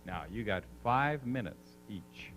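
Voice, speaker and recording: A man addresses a live seminar audience, warming them up with quick questions before launching into stories. His voice is mid-pitched and rises and falls freely as he talks. A faint hum sits under the recording. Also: poor audio. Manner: animated storyteller, coaxing the crowd with questions. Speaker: seminar speaker.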